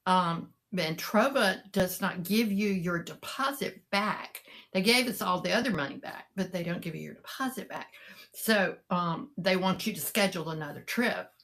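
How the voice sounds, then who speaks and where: A woman's voice: on the low side, moderate pace, a bit bright. Middle-aged woman, rambling live-sale chat, self-deprecating, talks straight to viewers. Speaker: live-sale seller and vlogger.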